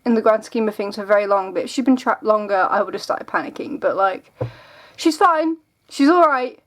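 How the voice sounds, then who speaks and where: A woman's voice: medium pitch, a little fast. A young woman vlogging at home, telling stories in a rambling, giggly way. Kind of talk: casual vlog chat.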